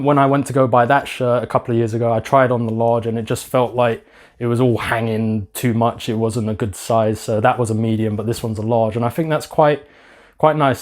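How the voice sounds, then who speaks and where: A man giving a casual product review, hesitant, with many pauses and restarts and some self-deprecating asides. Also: mid-range voice, darkish tone. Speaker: YouTuber reviewing a football shirt.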